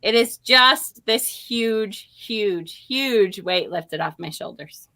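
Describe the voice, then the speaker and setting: A woman's voice: mid-range voice, expressive, takes it slowly, gravelly, sharp tone. A middle-aged woman casually telling a story to her viewers, chatty and laughing often. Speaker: vlog host, tarot reader.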